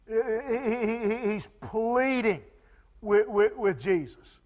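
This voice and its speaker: A man preaching a sermon as pastor, halting and repeating words with many fillers, dropping to soft pleading tones when quoting. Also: very high voice. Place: church sanctuary. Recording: long church reverb.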